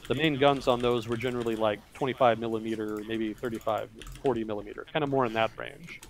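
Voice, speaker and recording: A man's voice: mid-range voice, fairly even intonation, fast talker, a little hiss or hum. A man hosting a livestream, talking casually about history, rambling and correcting himself as he thinks aloud. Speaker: livestream host.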